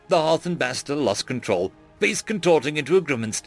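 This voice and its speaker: A man's voice: a little high, animated, fairly quick, hardly any pauses, soft background music. A man narrating a science fiction story in an audiobook style.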